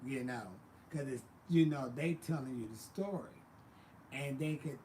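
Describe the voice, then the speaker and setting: A man's voice: medium pitch, measured pace, warm tone, a little hiss or hum. A man hosting a casual livestream, chatting sassily with viewers and calling them baby and honey. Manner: sassy, chatty, calls people baby and honey. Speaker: livestream host.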